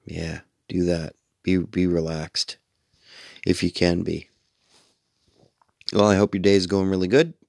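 A man's voice: low voice, fairly even intonation, unhurried, vocal fry, pauses often, darkish tone, no room sound, clean studio sound. A middle-aged man hosting a late-night radio show, tired and sleepy, rambling casually and swearing freely. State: sleepy, yawning.

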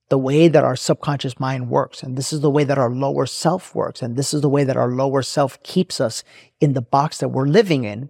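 A man's voice: mid-range voice, vocal fry, a little mellow, husky, no room sound, clean studio sound. A man hosting a podcast, telling a personal story in an emphatic, preachy way and repeating his phrases for effect. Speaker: podcast host. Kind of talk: motivational storytelling monologue.

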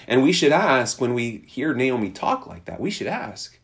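Animated male preacher. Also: mid-range voice, moderate pace, few pauses. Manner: animated, conversational preaching with voiced quotes. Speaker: pastor. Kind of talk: sermon.

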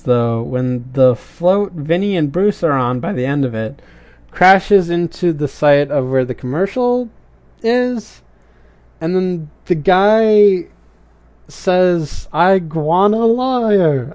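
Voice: mid-range voice, a little mellow. A reviewer giving casual commentary on a cartoon episode, rambling with puzzled, questioning asides and wry humor.

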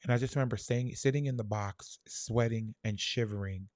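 A young man telling a personal childhood story in a soft, halting, reflective way, full of fillers. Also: fairly low pitch, fairly even intonation, no room sound, clean studio sound.

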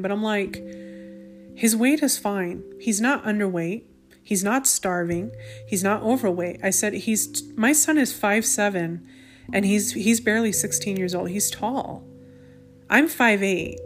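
Woman podcast host, 30s-40s, indignant casual monologue over faint background music. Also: medium pitch. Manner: indignant, talks with many restarts and asides.

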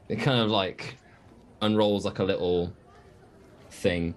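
A man playing a tabletop game, musing out loud about his character's actions with many fillers. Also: low voice, steady tone, takes it slowly. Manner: musing, thinks aloud with fillers. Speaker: player. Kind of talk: casual tabletop game play.

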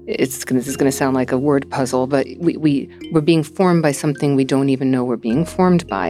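A woman hosting a podcast, talking in a thoughtful, measured way and narrating between interview segments. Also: extremely low pitch, darkish tone. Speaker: podcast host. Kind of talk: reflective podcast conversation and narration.

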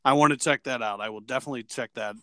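A man co-hosting a podcast in casual chat, playful and jokey, his voice swinging between loud and soft. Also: medium pitch, very fast, no echo, studio quality. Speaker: podcast co-host.

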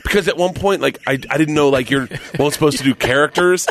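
A middle-aged man, a guest comedian, telling stories on a podcast in a casual, animated way, laughing often and acting out what others said. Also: fairly high pitch, fast talker, a little hiss or hum. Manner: animated, laughs often, acts out quoted voices.

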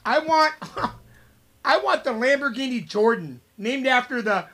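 Joking man with a bright, forceful voice. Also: very high voice, expressive, unhurried. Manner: joking, teasing, interrupts with puns. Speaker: podcast co-host. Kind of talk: casual chat.

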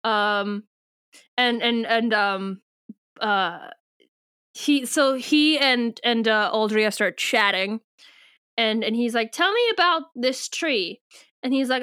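Young woman co-host, higher voice, dry close sound, giggly, tosses off quick character voices. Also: sharp tone, clean tone, dry recording. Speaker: podcast co-host. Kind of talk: casual book discussion.

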